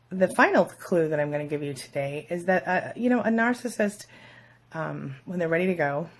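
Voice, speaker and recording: A woman hosting an advice vlog, talking casually and directly to her viewers with lots of fillers. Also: deep voice. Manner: chatty, speaks straight to viewers with many fillers. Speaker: vlog host giving relationship advice. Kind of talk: casual talk to camera.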